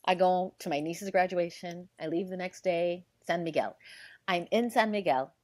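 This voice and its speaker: A middle-aged woman shares a heartfelt, emotional personal story in casual conversation, acting out the dialogue and sometimes dropping to a hush. Her voice is lowish, and her pace is moderate.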